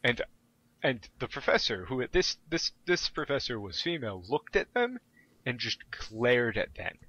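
A young adult man telling stories in casual chat, animated and full of profanity. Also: medium pitch, moderate pace. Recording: dull lo-fi audio.

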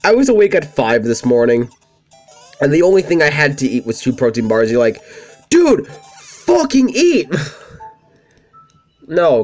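A young man hosting a let's play, rambling casually, swearing often and laughing at himself. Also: mid-range voice. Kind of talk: casual gameplay commentary.

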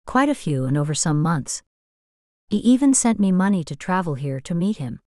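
A woman's voice: lowish voice, sing-song, moderate pace, a little mellow, dry recording, clean studio sound. A woman voicing an embarrassed young Amish woman visitor who speaks in an apologetic, polite way, in a storybook reading.

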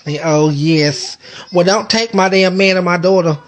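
A woman's voice: fairly low pitch, moderate pace. A woman chatting casually on a live stream from home into a phone, rambling and swearing in a playful way. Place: indoors at home.

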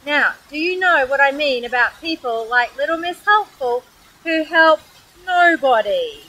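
An Australian woman reading a picture book aloud to children outdoors by a waterfall, in an animated, expressive way. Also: high-pitched, unhurried, rough recording. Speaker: storyteller.

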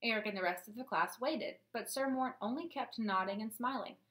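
A woman's voice: a little high, fairly quick, fairly bright tone. Woman reading a children's story. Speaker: audiobook narrator. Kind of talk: storybook narration.

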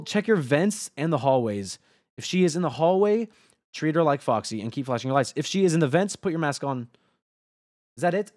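A man streaming a horror game live, joking with his chat, swearing and getting excitable. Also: fairly high pitch. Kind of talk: live gameplay commentary.

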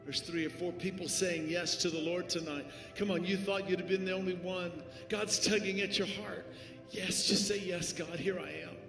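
A man with a fairly high voice gives an altar call, urging and repeating himself. His voice rings through a large, echoing church hall with music playing behind him. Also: little pitch movement, moderate pace, few pauses. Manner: pleading, repetitive urging, rising to shouts. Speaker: pastor. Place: church sanctuary with live music. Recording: echoey hall, live stream.

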